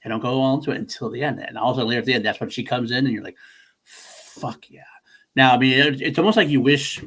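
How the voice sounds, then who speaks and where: A man's voice: mid-range voice, rapid-fire, fairly bright tone. A man co-hosting a podcast, talking about films in a casual, enthusiastic, rambling way. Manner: enthusiastic, rambling, with restarts and swearing. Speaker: podcast co-host. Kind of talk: casual movie discussion.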